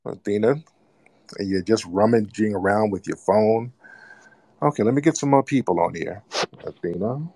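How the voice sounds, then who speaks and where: A man's voice: fairly low pitch, moderate pace, long pauses, mellow, no room sound. A man hosting a live call-in broadcast, mocking and scolding a caller. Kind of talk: casual call-in radio talk.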